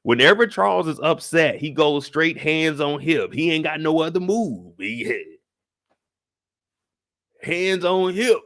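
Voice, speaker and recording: Animated man recapping a TV episode. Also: a little high, no echo. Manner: animated, acts out characters in quick bursts. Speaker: show recap host.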